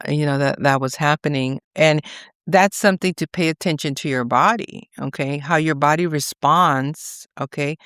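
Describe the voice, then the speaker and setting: Woman, astrology vlogger, rambling chatty talk, smooth clear voice, dry sound. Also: low-pitched, dry recording. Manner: rambling and chatty, checks in with "okay?" and "you know".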